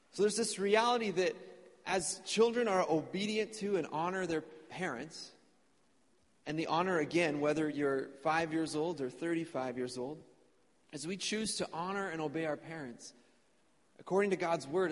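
A man preaching a sermon as pastor, earnest and conversational, in a church sanctuary. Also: fairly high pitch. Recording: long church reverb.

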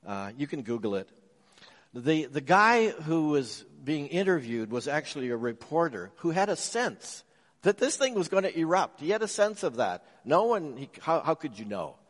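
A man preaching a sermon as a pastor. He tells stories, swinging from loud emphasis to soft, low asides. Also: very animated, moderate pace. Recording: long reverb of a large hall.

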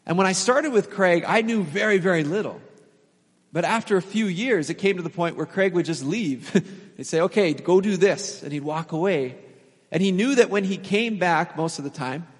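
A man in his thirties preaching a sermon as pastor, telling stories in a relaxed, conversational way with fillers and small laughs. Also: high-pitched, moderate pace, slightly rough. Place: church sanctuary. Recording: long hall reverb.

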